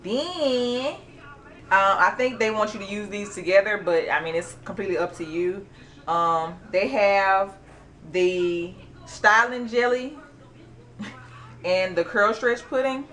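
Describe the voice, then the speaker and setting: A woman's voice: mid-range voice, slow pace. Chatty woman. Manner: chatty, animated, excited squeals and laughs. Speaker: beauty vlogger. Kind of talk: casual unboxing chat.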